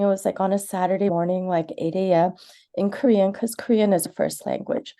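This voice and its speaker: A woman in her forties gives public comment as personal testimony. Her voice is warm and mellow, and her delivery is earnest and candid. She grew up in Canada. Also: mid-range voice. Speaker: community member giving public comment.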